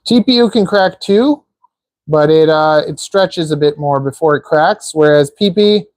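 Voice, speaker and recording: A live stream shows a man building a drone, chatting, joking, and rambling with plenty of filler words as he handles small parts. His voice is a little high and a little slow, in a dry recording.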